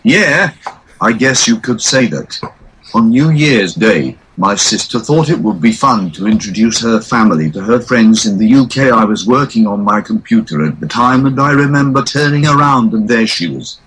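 A man answers interview questions through a synthetic text-to-speech voice with a British accent. The tone stays flat and the same no matter what he says, pitched fairly low, with a faint hiss under the audio. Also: moderate pace, poor audio. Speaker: interview guest.

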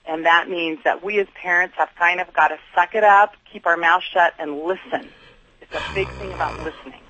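Gravelly, bright-voiced woman recounting grief. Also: lowish voice, moderate pace, dry recording. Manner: earnest, animated, acts out her own inner dialogue. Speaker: guest. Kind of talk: candid interview storytelling. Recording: dull lo-fi sound.

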